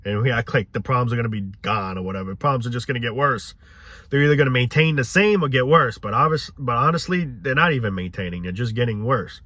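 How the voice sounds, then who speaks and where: A man's voice: medium pitch, fast, bright, forceful tone, no echo. A man ranting cynically in a rambling, profane casual monologue.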